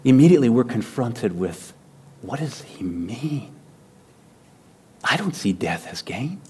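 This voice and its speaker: A male pastor preaching a sermon, swinging from loud emphatic lines to near-whispers and repeating phrases for emphasis. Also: mid-range voice, big pitch swings, a little slow, slightly rough.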